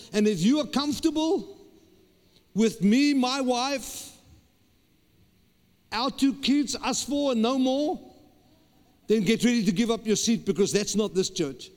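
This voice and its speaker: A man's voice: very high-pitched, darkish tone. A man, a pastor preaching a sermon with emphatic repetition and stammered restarts. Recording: long hall reverb.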